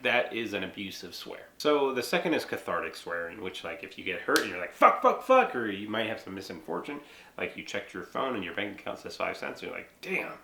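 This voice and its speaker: Casual, profane young American man. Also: lowish voice. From United States. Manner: lively, profane, frequent "like" and "right?". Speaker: vlogger. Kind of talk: casual explainer monologue. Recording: echoey room.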